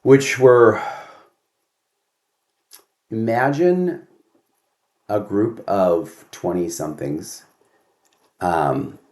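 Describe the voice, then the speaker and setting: Cranky older man grumbling, deep voice. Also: a little mellow. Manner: grumbling, sarcastic complaints with rhetorical questions. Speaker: host. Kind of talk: casual monologue vlog. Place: home.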